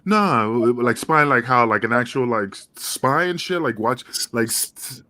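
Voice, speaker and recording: A man's voice: mid-range voice, animated, moderate pace, sharp tone. A man from the United States co-hosting a wrestling podcast, rambling and swearing casually in easygoing chat.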